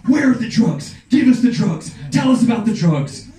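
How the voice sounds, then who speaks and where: A man's voice: a little high, fast, distant mic, soft background music, lightly acted. A pushy swat cop , as a male storyteller puts him on, barks his demands in a raised, strained voice. The sound carries in a roomy, echoing space, a little away from the mic. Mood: yelling. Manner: barking demands, loud and pushy. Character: shouting swat cop, male adult, aggressive. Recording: echoey room, voice off-mic, faint noise.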